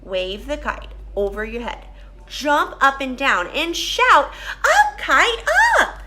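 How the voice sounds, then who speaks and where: A woman voicing a patient, encouraging male frog in a storybook read-aloud, in a calm, coaxing way. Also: high voice, slow pace, exaggerated voice.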